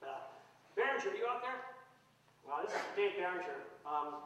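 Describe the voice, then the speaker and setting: A man's voice: sits high, moderate pace, pauses often, far from the mic. A man who teaches university English gives a humorous, sarcastic award acceptance speech to an audience in a large hall. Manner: sarcastic deadpan joking. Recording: echoey hall recorded from afar with noise.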